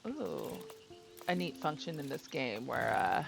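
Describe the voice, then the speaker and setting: A woman hosting a let's-play, chatty and expressive, swearing casually as she comments on the game. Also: extremely low pitch, unhurried, creaky, over music, low-quality recording. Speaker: gaming channel host.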